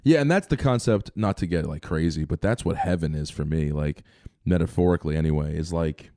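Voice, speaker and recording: A young man co-hosting a podcast, telling stories in a rambling, animated way with lots of fillers. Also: rumbling low, brisk, no room sound, clean studio sound. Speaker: podcast co-host. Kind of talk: casual chat.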